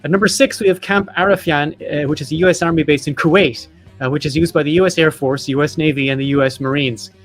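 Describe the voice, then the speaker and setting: A man hosting a podcast, reading off facts and lists in a casual chat with jokey asides. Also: fairly high pitch. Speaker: podcast host.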